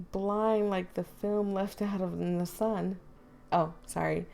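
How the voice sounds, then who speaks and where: Giggly young woman with a gravelly voice. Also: mid-range voice, steady tone, takes it slowly, a little mellow. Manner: giggly, self-deprecating. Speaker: gaming YouTuber. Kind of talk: casual gameplay commentary.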